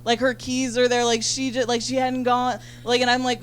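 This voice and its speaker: A woman's voice: on the high side, flat delivery. Chatty, profane woman stand-up comic. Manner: rapid, chatty, full of "like" and profanity. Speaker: stand-up comedian. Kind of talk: stand-up comedy set. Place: comedy venue.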